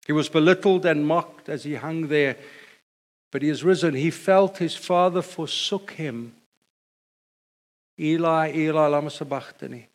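A middle-aged man preaching a sermon, telling stories with animated delivery and building to a repeated refrain. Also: on the high side, moderate pace. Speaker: pastor.

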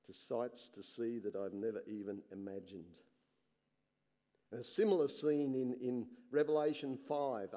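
A man preaching, reading scripture slowly and earnestly, his voice dropping soft and low at the ends of phrases, with musing, excited asides between readings.

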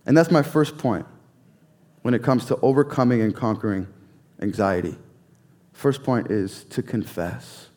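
Earnest male preacher, measured sermon. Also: mid-range voice, warm tone. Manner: earnest, repeats key phrases, drops to a near whisper on quoted promises. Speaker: pastor.

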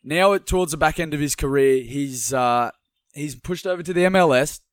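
A man's voice: fairly high pitch, a little fast, no echo, studio quality. A young man co-hosting a casual sports chat, rambling with many restarts and laughs. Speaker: co-host.

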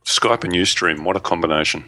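A man's voice: low voice, a little fast, a crowd in the background. A man co-hosting a casual gaming podcast, easygoing and jokey. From Australia. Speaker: podcast co-host.

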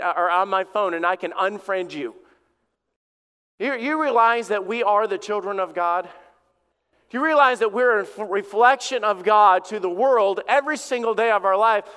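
A middle-aged man with a Southern American accent preaching a sermon in a folksy, storytelling way, with sudden animated bursts. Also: high-pitched, smooth. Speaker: pastor. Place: church sanctuary. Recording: long reverb of a big hall.

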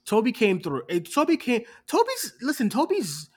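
A man with a very high, breathy-edged voice at normal speed co-hosts a casual movie reaction show. He energetically recounts his theater experience as an animated storyteller, acting out quotes, swearing, and laughing often.

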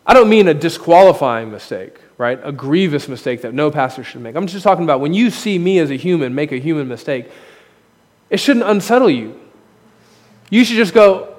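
A man preaching from the pulpit, speaking frankly and poking fun at himself as he builds his points. His voice sits a little higher than most men's, and it rings out through a church hall with a long reverb tail. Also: a little fast, a little mellow. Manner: candid, self-deprecating preaching with rising emphasis. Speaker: pastor. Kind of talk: sermon. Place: church sanctuary. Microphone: podium microphone.

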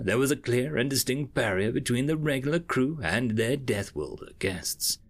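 Gravelly man reading a sci-fi story. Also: medium pitch. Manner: expressive, measured narration.

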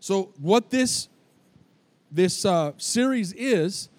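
A man preaches a sermon in a high, bright-pitched voice, folksy and full of calls to the congregation. The sound is close and dry, with little room echo. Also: animated, extremely slow. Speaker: lead pastor. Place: church with a tin roof.

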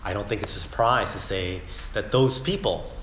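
A man's voice: lowish voice, normal speed, fairly bright tone, a little hiss or hum. A man teaching a Sunday school Bible lesson in a conversational way, often asking "right?" and acting out imagined speakers. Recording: echoey room.

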